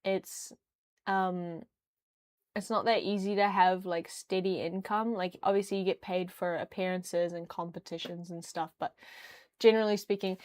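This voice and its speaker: A woman's voice: fairly low pitch, steady tone, normal speed, a little mellow, no echo. A young woman chatting casually on a livestream, rambling with lots of fillers. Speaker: streamer.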